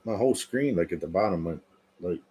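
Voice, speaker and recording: A man's voice: sits low, animated, a little fast, mellow, slight background noise. A man in his thirties chatting casually and joking on his own livestream, swearing and laughing often. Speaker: livestream host.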